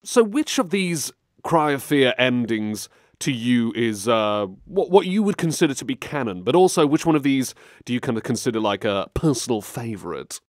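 A male interview host asks questions and slips into lively anecdotes, talking in a chatty, animated way. His voice sits at a middle pitch, and the sound is dry and close. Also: moderate pace, no room sound. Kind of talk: casual interview chat.

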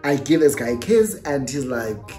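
A young South African vlogger tells a personal story with lively energy, moving between English and Xhosa mid-sentence. The voice sits at a middling pitch. The room has a noticeable echo, and soft music plays underneath. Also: normal speed. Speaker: YouTuber. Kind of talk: storytime vlog. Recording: roomy echo with faint music.

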